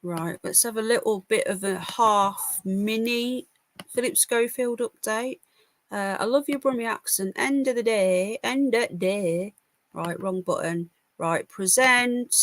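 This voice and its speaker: A woman's voice: mid-range voice, fairly bright tone, no room sound. A tired woman from the UK hosting a casual live news stream, giving blunt opinions and reading out chat comments. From United Kingdom. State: tired, yawning. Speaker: livestream news host.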